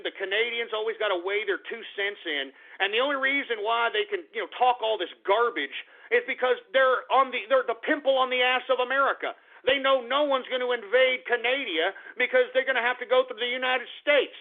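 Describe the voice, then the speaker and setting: A male radio host rants in an angry, profane monologue, his voice sitting fairly high for a man. He hammers points with sarcastic repeats, and the sound is narrow and tinny, like a phone line. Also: fairly quick, hardly any pauses. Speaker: radio talk show host.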